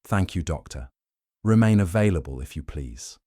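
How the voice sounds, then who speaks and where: A man voicing a brilliant, fastidious detective who questions suspects gently and precisely. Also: sits low, animated, no echo, clean studio sound. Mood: probing.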